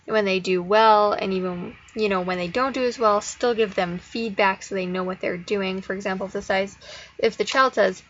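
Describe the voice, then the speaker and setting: A woman's voice: medium pitch, steady tone, fairly bright tone. Woman explaining speech practice, dull recording. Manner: casual, encouraging, slows into sing-song when modeling phrases. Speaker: speech therapy student demonstrating activities. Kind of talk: instructional explanation with modeled child-directed prompts. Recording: slightly dull audio with faint noise.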